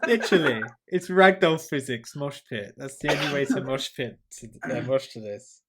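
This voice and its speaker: A man chatting and joking quickly with friends on a podcast. His recording carries clear background noise and clicks. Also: medium pitch. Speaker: band member. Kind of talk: casual chat.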